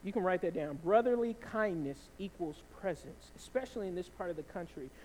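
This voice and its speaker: A man in his thirties gives a sermon in a church, his voice sitting unusually high for a man. He tells stories animatedly and keeps asking the room "right?" His words ring out with a long hall reverb. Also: fairly quick, a little hiss or hum. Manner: conversational, animated storytelling with frequent "right?". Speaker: pastor. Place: church sanctuary.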